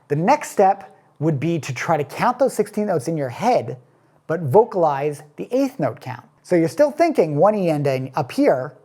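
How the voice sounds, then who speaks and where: A man teaching a drum lesson, explaining step by step in a casual way and counting beats aloud. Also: a little high. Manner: relaxed, casual phrasing.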